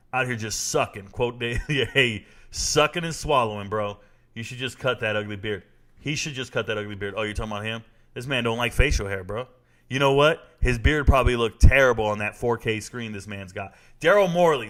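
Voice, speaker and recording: A man's voice: mid-range voice, fairly bright tone. A man in his forties hosting a casual live sports talk show, reading viewer comments and telling stories in a blunt, joking, slangy manner.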